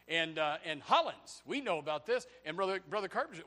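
A pastor preaching a sermon, swinging from loud, high outbursts to low, quiet stretches. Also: male voice, quick pace, hardly any pauses. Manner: animated preaching, voice rising to near shouts and dropping low.

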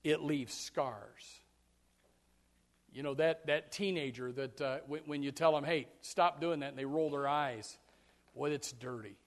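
A man preaching a sermon as pastor, jumping into loud acted quotes and dropping to low, quiet asides. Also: a little slow, long reverb tail.

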